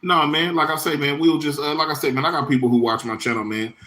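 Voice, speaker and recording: A man's voice: fairly high pitch, steady tone, quick pace, bright, forceful tone. A man hosting his own livestream in a loose, rambling, profane way, full of slang and answering viewers' chat comments by name. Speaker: livestream host.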